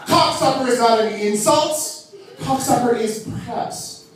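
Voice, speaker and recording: A man performing a stand-up comedy set, theatrical and animated, swinging his pitch up high for emphasis. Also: unhurried, heavy reverb, recorded from a distance, noisy background. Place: comedy club stage.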